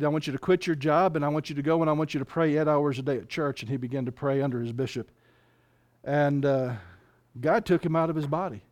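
A man preaching a fervent sermon, reading scripture aloud and speaking in quick bursts. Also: on the high side, a little mellow. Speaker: pastor.

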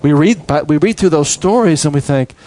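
Male preacher, somewhat high voice, animated sermon delivery with acted-out asides. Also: a little fast. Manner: animated, acts out quoted voices and laughs. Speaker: pastor.

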